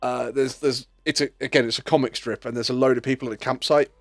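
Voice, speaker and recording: A man's voice: mid-range voice, steady tone, fast, no room sound. A man in casual gaming chat who tells funny stories and acts out the lines he quotes.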